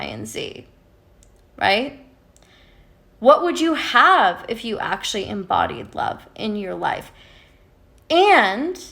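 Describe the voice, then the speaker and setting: Woman relationship coach, unhurried candid talker who swears, slightly high voice. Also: a bit bright. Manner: candid, swears freely, often tags "right?". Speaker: love and spiritual coach. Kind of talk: casual livestream talk to viewers.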